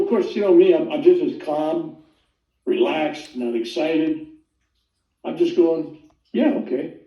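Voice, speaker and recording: An older man casually telling his near-death story in a rambling, animated way, acting out the voices he quotes. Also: a little high. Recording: roomy sound, distant from the mic.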